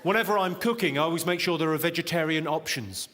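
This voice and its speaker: A male stand-up comedian with a fairly high voice delivers wry, punchline-driven jokes and teases the crowd. He is on a stage mic in a big reverberant hall. Loud audience laughter fills the gaps between lines. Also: fast, heavy background noise. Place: large theatre venue with a live audience.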